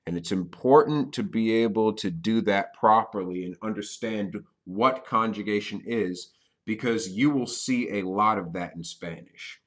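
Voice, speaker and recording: Patient male teacher, frequent "okay?". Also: unhurried. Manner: stresses key words with sudden loud, high emphasis. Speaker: Spanish teacher. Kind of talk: recorded language lesson.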